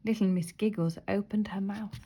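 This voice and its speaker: A woman reading a children's storybook aloud, expressive with soft whispered asides. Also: medium pitch, normal speed, slightly rough. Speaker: story reader.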